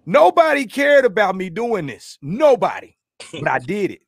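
A man hosting a podcast, chatting casually, joking, rambling through stories and giving shout-outs to listeners. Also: sits high, sing-song, moderate pace, vocal fry, no echo, clean studio sound. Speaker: podcast host.

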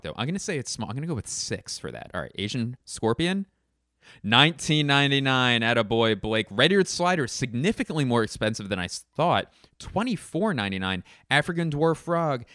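A man's voice: fairly low pitch, fairly bright tone, no echo, studio quality. A man talking casually and comically, rambling, swearing and cutting himself off mid-thought. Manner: rambling, profane, self-interrupting. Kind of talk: casual comedic commentary.

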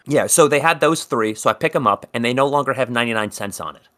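Talking fast in a bright, pushed, medium-pitched voice, this podcast co-host from South Jersey rambles through a lengthy story. The chat is loose and full of cursing.

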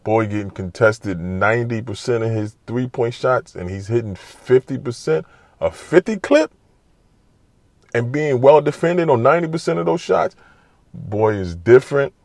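A man giving a casual, animated, trash-talking basketball monologue full of slang. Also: mid-range voice, moderate pace, vocal fry, no room sound. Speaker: basketball commentator. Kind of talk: casual sports talk monologue.

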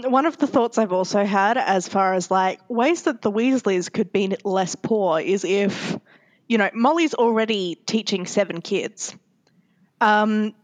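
A woman hosting a podcast in casual chat, talking thoughtfully with frequent pauses and fillers. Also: medium pitch. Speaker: podcast host.

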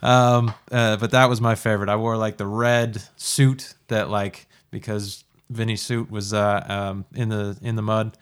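A man's voice: on the low side, level tone, a little slow, hardly any pauses, clear, resonant tone. A man hosting a casual podcast chat, easygoing, with plenty of fillers and laughs. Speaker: podcast host.

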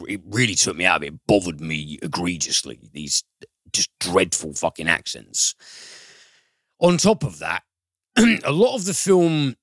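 A man's voice: low voice, fairly bright tone, dry recording. A man reviewing a film in casual chat, rambling and profane, with frequent fillers and restarts.

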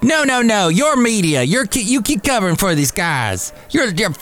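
A man putting on a Southern US accent to play a furious, ranting older male politician who shouts in indignation. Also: high voice, steady tone, fast, smooth, voice pushed up.

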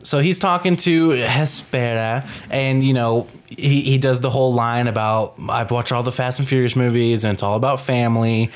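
A man's voice: medium pitch, fairly even intonation, normal speed, hardly any pauses. A man co-hosting a casual podcast, reviewing a movie in a loose, rambling way with lots of filler words. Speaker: podcast co-host.

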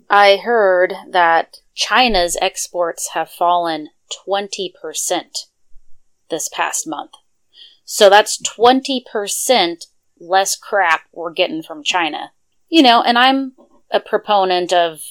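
A woman's voice: on the low side, fairly bright tone, clear, resonant tone. A woman co-hosting a casual political chat, chatty and opinionated.

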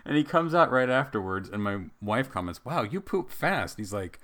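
A man co-hosting a casual chat, playful and teasing, laughing easily as he trades family stories. His pitch is mid-range but he moves it around a lot. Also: sing-song, normal speed, fairly bright tone. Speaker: podcast co-host; father.

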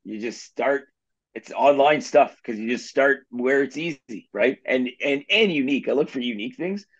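A man's voice: medium pitch, expressive, normal speed. Laid-back man with a muffled sound. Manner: laughing, self-deprecating, loose storytelling. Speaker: mortgage agent and podcast co-host. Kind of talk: casual podcast chat. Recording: slightly dull, muffled sound.

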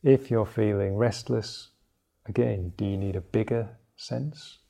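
Gravelly, low-voiced male meditation teacher. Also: measured pace. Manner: relaxed, thinking aloud, soft asides. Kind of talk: explaining meditation to a class. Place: meditation class.

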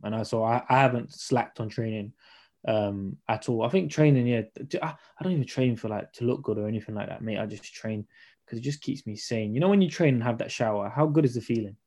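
Young trainer guest, rapid and mellow, casual chat full of slang. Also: male voice, mid-range voice. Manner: slangy, storytelling, acts out dialogue. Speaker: podcast guest, personal trainer.

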